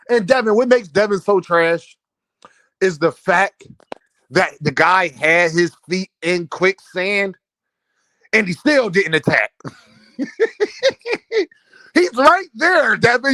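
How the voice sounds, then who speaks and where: A young man giving a casual, trash-talking opinion rant on boxing, animated and repeating himself, laughing often. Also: sits high, dry recording. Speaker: boxing commentator.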